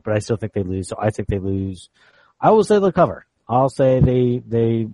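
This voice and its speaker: A man's voice: fairly low pitch, warm tone, dry recording, rough recording. A man hosting a casual sports podcast over a remote call. He talks loosely and jokes around. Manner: laughs often, loose and jokey. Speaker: podcast host.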